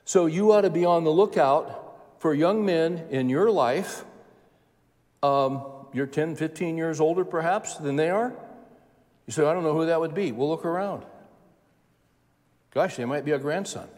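Man, 70s, preacher; homespun, conversational delivery, a touch high-pitched, echoing hall. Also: measured pace, pauses often, darkish tone. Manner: folksy, conversational preaching with repeated phrases. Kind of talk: sermon.

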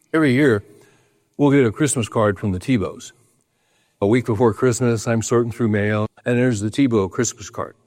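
A man's voice: lowish voice, big-room sound. An older man preaching a sermon, telling stories with emphasis and acting out quoted voices. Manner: storytelling, emphatic, acts out quotes in a raised voice. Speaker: pastor.

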